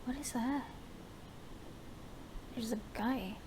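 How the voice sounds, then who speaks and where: A woman reacting casually while playing a game, muttering slowly to herself. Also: fairly high pitch, darkish tone, a little hiss or hum. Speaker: game player. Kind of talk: casual gameplay commentary. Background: game music.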